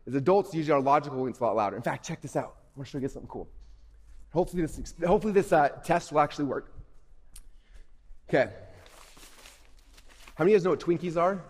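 A man's voice: a little high, fast talker, long pauses, a little mellow. A man giving an interactive, upbeat talk to a youth audience, checking in with the room every few sentences. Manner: upbeat, keeps checking in with "okay?". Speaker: workshop presenter. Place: event hall. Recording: echoey hall.

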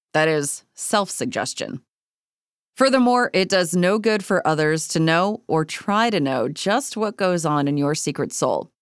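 A woman reading a self-help book aloud as an audiobook, in a measured, earnest way with calm, deliberate repetitions. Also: lowish voice, no echo, studio quality. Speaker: audiobook reader. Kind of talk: scripted audiobook narration of a self-help text.

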